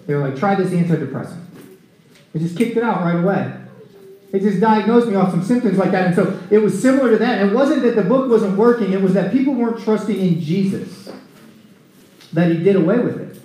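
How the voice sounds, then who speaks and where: High-voiced male preacher in an echoey room. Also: fairly quick. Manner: animated storytelling, acting out scripture scenes. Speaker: preacher at a recovery ministry. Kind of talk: conversational sermon.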